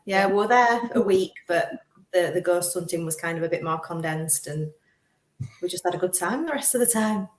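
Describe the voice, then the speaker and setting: A woman guest on a chat show talking about ghost hunting, lively and quick to laugh. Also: lowish voice, roomy sound. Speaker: paranormal investigator guest. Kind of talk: casual chat.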